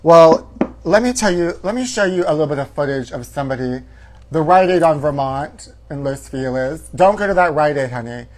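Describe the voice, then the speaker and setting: A man hosting a comedy show, telling a campy, theatrical story, calling his listeners honey and breaking into shouted quotes. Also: fairly high pitch, expressive, a little fast, a little hiss or hum, rough recording.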